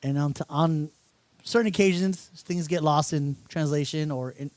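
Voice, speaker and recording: A man's voice: fairly high pitch, normal speed. A man co-hosting a casual podcast, telling a story with lots of laughter and quoted lines. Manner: animated storyteller, laughs often, mimics texts. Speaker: podcast co-host. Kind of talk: casual chat.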